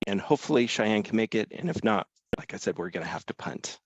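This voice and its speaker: Low-voiced man hosting a webinar. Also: animated, fast talker, a little hiss or hum. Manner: loose, filler-heavy, apologetic. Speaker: webinar host, sales team member. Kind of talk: casual webinar talk. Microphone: video call.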